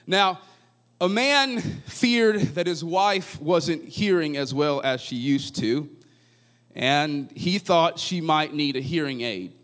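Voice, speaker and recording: A man in his thirties preaching a sermon, moving between hushed asides and rising, fervent prayer as he tells stories. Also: a little high, animated, slow pace. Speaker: pastor.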